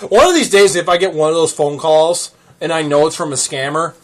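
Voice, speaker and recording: Giggly rambling man with a higher voice. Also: fairly quick. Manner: laughs often, rambling joking storyteller. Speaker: podcast host. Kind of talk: casual chat.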